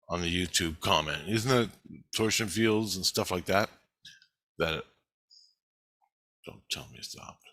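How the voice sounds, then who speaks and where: A middle-aged man vlogging, telling a story in a rambling, excitable way with frequent swearing. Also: sits low, dry recording. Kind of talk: casual storytelling.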